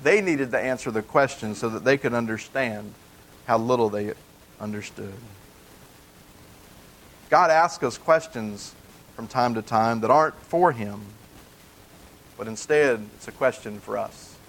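A man's voice: mid-range voice, unhurried, pauses often, a bit bright, a little hiss or hum, poor audio. A male pastor preaching a conversational sermon in a plain, folksy way, earnestly repeating key points for emphasis.

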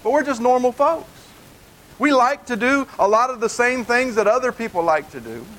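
A man's voice: very high-pitched, lively intonation, normal speed, a bit bright, rough recording. A male pastor preaching a conversational sermon in a plain, folksy way, earnestly repeating key points for emphasis.

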